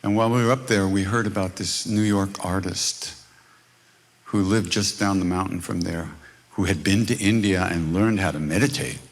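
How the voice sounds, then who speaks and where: A man's voice: deep voice, normal speed. A man teaching at a live retreat workshop, telling stories in a wry, conversational way and acting out the people in them. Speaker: spiritual teacher leading a workshop. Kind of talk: informal teaching talk with storytelling.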